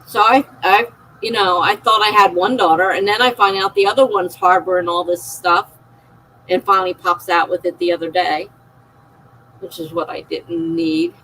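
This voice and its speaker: A woman's voice: mid-range voice, moderate pace, pushed and bright, slight background noise, poor audio. A middle-aged woman streaming a personal, emotional monologue, confiding and circling back on herself as she talks. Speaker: live streamer.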